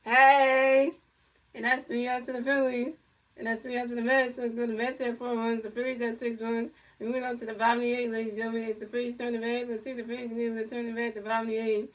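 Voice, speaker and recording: A woman's voice: a little high, level tone, rapid-fire, far from the mic, poor audio. A woman giving casual, rambling play-by-play of a baseball video game, repeating herself often. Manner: rambling and repetitive, lots of restarts. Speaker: gaming channel host.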